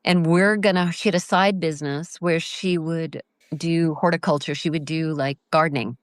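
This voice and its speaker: A woman from the United States, talking as an interview guest in a halting, earnest way, often pausing to search for words. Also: deep voice, fairly even intonation, dry recording, studio quality. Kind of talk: casual reflective interview talk.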